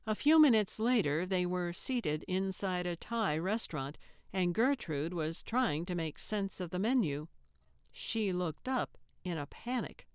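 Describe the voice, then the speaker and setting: A woman narrating a cozy mystery audiobook in a measured, deadpan way. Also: on the low side, smooth, no room sound, clean studio sound. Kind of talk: scripted narration.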